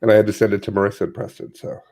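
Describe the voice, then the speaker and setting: A man's voice: on the low side, monotone, rapid-fire, creaky, warm tone. A man co-hosting a comedy news podcast, rambling and laid-back with sarcastic asides. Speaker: podcast co-host. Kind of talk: casual comedic chat.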